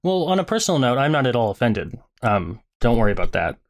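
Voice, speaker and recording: A man asking careful, gentle questions in a calm conversation, phrasing things with hesitant restarts. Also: medium pitch, fast.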